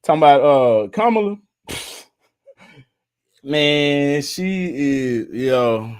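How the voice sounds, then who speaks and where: A man's voice: fairly high pitch, lively intonation, very slow, smooth. Blunt, laughing man hosting a stream. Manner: blunt, laughs often, mocks what he disagrees with. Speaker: livestream commentary host. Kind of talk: casual commentary, reacting to viewer comments.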